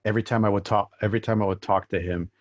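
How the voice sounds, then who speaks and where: A man's voice: on the low side, steady tone, very fast, no room sound. A man interviewing a guest in a reflective, casual way, repeating phrases for emphasis. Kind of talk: casual conversation. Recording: dull, dry, muffled sound.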